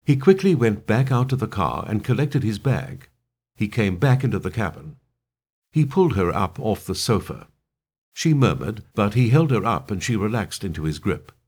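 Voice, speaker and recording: A man reading a thriller aloud in steady, even storytelling narration. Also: lowish voice, moderate pace, breathy edge.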